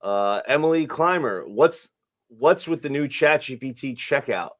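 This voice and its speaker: A man reading out viewer questions on a podcast, hesitant and filling pauses with "uh" and "um". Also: medium pitch, expressive. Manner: hesitant, full of "uh" and "um". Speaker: question reader.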